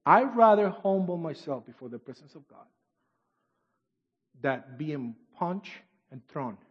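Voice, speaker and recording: Male pastor with non-native English phrasing, sermon delivery swinging from shouts to hushes; dull, reverberant hall recording. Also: fairly high pitch, big pitch swings, measured pace, slightly rough. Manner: dramatic swings from shouts to near-whispers, reading scripture aloud.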